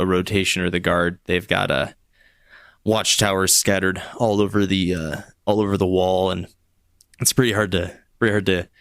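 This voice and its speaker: A woman biker leader with a past, sheepish and guarded, as a man puts her on in a tabletop game. The voice sits very low, with dry, close sound. She halts and restarts often. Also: vocal fry, fairly bright tone, no echo. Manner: hesitant, halting with many restarts.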